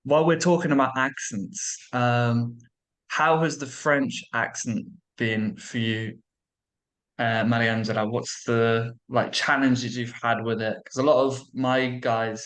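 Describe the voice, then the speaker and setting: A man's voice: medium pitch, flat delivery, a little slow, fairly bright tone. A British man hosting a casual chat about languages, talking in a loose, chatty way. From Britain. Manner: chatty, many likes and restarts. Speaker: language coach and host.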